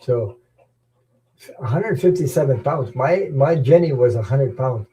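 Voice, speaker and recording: A man's voice: medium pitch, animated, measured pace, mellow, low-quality recording. A middle-aged man chatting casually as host of a live stream, rambling and chuckling, often repeating words. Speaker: tarot channel host. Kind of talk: casual chat.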